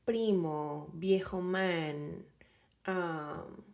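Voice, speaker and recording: A woman's voice: on the low side, steady tone, very slow, creaky, darkish tone. A woman from Colombia with a Colombian Caribbean Spanish accent, giving a casual chatty language lesson and repeating example phrases. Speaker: Spanish teacher.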